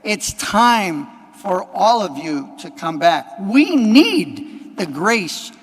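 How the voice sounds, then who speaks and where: A priest with a fairly high voice preaches a homily in an everyday, conversational way, leaning on repeated phrases and dropping in offhand asides. His words ring out through a large church with a long trailing echo. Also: very animated, extremely slow, breathy edge. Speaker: Catholic priest.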